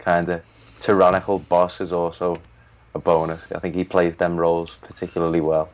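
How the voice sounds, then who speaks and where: A man's voice: low-pitched, completely flat delivery, moderate pace. A man chatting easily on a podcast who often stumbles and restarts his sentences. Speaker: podcast co-host. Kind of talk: casual podcast chat. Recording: dull lo-fi sound.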